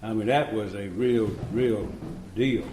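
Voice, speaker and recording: A man's voice: lowish voice, unhurried, mellow, a little hiss or hum. A man in his seventies telling his recovery story to a meeting room in a folksy, chuckling way, acting out the dialogue. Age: 70s. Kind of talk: storytelling talk to an audience. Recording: roomy live talk recording.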